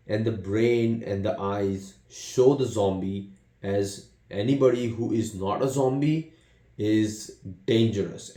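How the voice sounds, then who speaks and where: A film reviewer, a man with a lowish, mellow voice, gives a casual, rambling spoken movie review. He retells scenes with many fillers and restarts, and the sound is roomy.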